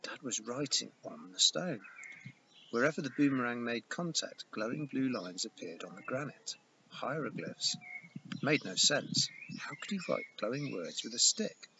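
A man reading a first-person novel aloud in a steady storytelling manner. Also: medium pitch, normal speed. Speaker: audiobook reader. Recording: dull lo-fi with hiss.

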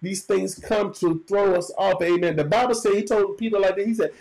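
A male pastor preaches a sermon. His voice sits high for a man, and he keeps calling out to the congregation in call-and-response. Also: fairly even intonation, brisk, gravelly, few pauses, a little mellow, low-quality recording.

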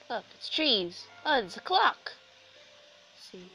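Slow-talking sick young woman gamer. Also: on the high side, big pitch swings, pushed and bright, soft background music, poor audio. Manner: chatty, self-deprecating, sarcastic asides. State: sick, sore throat. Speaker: gaming commentator. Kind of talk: casual let's-play commentary.

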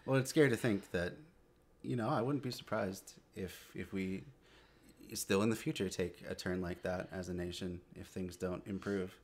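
A man's voice: deep voice, steady tone, moderate pace, a little mellow. A young man co-hosting a casual reaction stream with his wife, joking wryly and often repeating his words as he talks.

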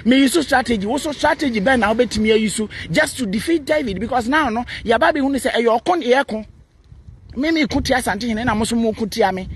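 A man's voice: very high voice, quick pace, slight background noise. A Ghanaian man, a Twi speaker, delivering a defiant, mocking rant to camera and mixing Twi with English. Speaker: vlogger answering a critic. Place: outdoors beside a busy road.

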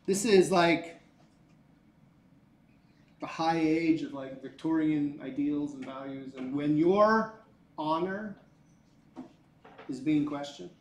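A male teacher lecturing a class in a lively, joking way, often asking the students questions. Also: fairly high pitch, slow, pauses often, a little hiss or hum. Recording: echoey classroom.

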